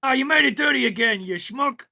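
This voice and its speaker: A man's voice: extremely high pitch, expressive, brisk, creaky, pushed and bright, voice pushed up, heavily acted. A man voicing a greedy, pushy male goblin market trader with a wheedling sales patter. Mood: haggling.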